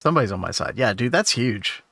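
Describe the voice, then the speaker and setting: A man's voice: medium pitch, lively intonation, quick pace, creaky, a bit bright, no echo, studio quality. A man streaming a game and joking with chat and his wife in playful, self-mocking banter. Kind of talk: casual gameplay stream chat.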